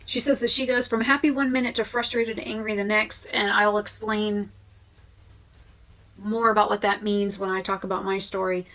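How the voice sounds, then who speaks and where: A woman's voice: medium pitch, level tone, moderate pace, a bit bright, rough recording. A woman vlogging in a frank, chatty way, with fillers and restarts. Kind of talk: candid casual talk to camera.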